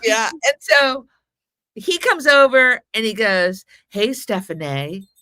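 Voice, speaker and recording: Chatty storytelling woman, bright voice. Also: sits high, animated, slow pace, clean tone, dry recording, studio quality. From Mexican heritage. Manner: rambling anecdotal storyteller, acts out quotes. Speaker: podcast guest. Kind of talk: casual storytelling chat.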